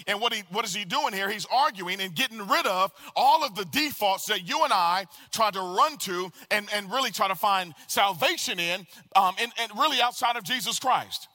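High, bright-voiced preacher man in a reverberant hall. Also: moderate pace, few pauses. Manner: animated preaching with call and response to the congregation. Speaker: pastor. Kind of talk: sermon. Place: church sanctuary. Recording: long reverb of a large hall.

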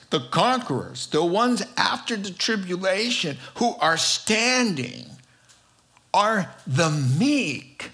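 Guy preaching a sermon, slow and lively, jokes around, bit high-pitched. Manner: animated, jokey, acts out quotes with pitch swings.

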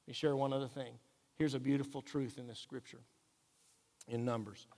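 A man pastor, preaching a sermon earnestly and emphatically, dropping quiet for key points. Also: mid-range voice, steady tone, fairly quick, gravelly. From Texas. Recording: echoey hall reverb.

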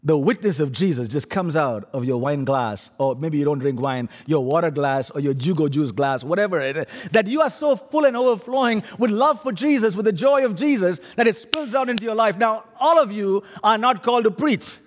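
Middle-aged Indian-accented man preaching, playful and animated, fairly high voice, long hall echo. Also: a little fast, hardly any pauses. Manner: humorous, animated, audience-teasing. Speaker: guest preacher. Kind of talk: sermon.

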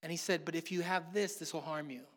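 A middle-aged pastor with a notably high voice delivers a relaxed, conversational sermon, blending teaching with funny stories about his family. He talks quickly with fairly even intonation, and a long reverb makes his voice ring out as in a large hall.

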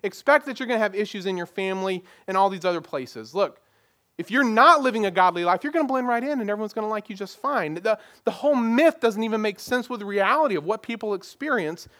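A man's voice: high voice, animated, quick pace, a bit bright. A man preaching a sermon as pastor, plain and conversational, leaning on rhetorical questions. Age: adult parent.

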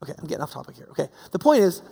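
A man's voice: fairly high pitch, sing-song, very fast, vocal fry, dark tone, husky, in a large hall. A man preaching a sermon in a conversational way, full of fillers and rhetorical questions. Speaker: pastor.

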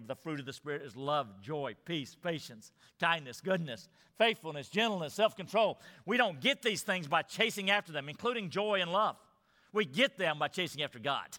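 A man's voice: on the high side, bright, forceful tone, in a large hall. A male pastor preaching a sermon, emphatic, repeating parallel phrases for stress.

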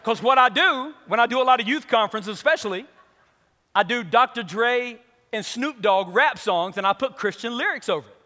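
A male pastor telling a comic story in a sermon, acting out the people in it with lively energy. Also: extremely high pitch, moderate pace. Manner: animated, comic, acts out the people in his story. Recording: long reverb of a large hall.

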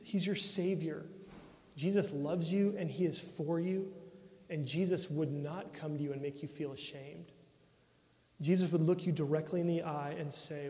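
A man preaching a sermon with an earnest, direct delivery, often easing into a soft and intimate tone. His voice sits fairly high for a man. The sound carries a long reverb from a large hall. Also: fairly even intonation, normal speed. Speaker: pastor.

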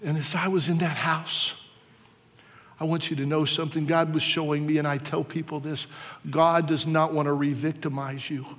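A man from Virginia preaching a sermon as a pastor, telling a personal testimony that swings from hushed to impassioned. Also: fairly high pitch, level tone, normal speed, big-room sound. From Virginia, USA.

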